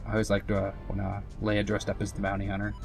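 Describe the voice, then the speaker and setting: A man's voice: lowish voice, completely flat delivery, fast, vocal fry, over music. A young man giving casual, rambling commentary over a game, full of fillers and self-mocking asides. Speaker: let's play commentator.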